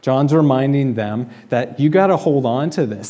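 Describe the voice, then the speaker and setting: Mellow-voiced male pastor preaching. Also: medium pitch, lively intonation, moderate pace, few pauses. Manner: conversational, explanatory preaching with rhetorical questions. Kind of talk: sermon. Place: church sanctuary.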